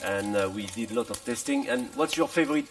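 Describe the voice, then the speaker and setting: A middle-aged chef from France explains his dish at a festival demo, his speech full of restarts and repeated words and broken up by dry little jokes. His voice is heavily gravelly, with a pitch that rises and falls a lot. He stands back from the mic, so he sounds somewhat distant. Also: huge pitch swings, fast talker. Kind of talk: live cooking demonstration. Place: festival demonstration tent.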